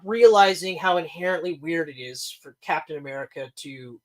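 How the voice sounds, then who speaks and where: A man co-hosting a podcast in casual chat, animated and profane, laughing often. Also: fairly high pitch, normal speed. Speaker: podcast co-host.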